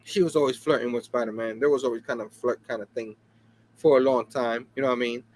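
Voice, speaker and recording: A man hosting a casual comic book talk show, chatty and animated, often laughing and asking "you know what I mean". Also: medium pitch, fast. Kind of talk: casual chat.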